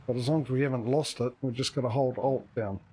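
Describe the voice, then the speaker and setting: A man streaming a multiplayer farming game, chatting casually and thinking out loud as he plays. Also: mid-range voice, fairly even intonation, fast talker, slight background noise, rough recording. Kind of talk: casual gaming chat.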